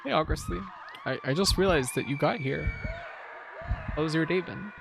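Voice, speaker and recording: A man's voice: fairly high pitch, expressive, normal speed, creaky, noisy background. A man giving casual gameplay commentary, chatty and amused, musing aloud. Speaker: let's play streamer.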